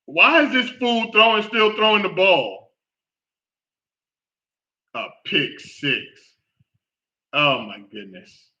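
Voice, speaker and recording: A man hosting a casual football talk show, reacting out loud with groans and exclamations as he watches a game. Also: high voice, slow pace, long pauses, muffled recording. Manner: animated, exclaims and groans at plays. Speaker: sports podcast host.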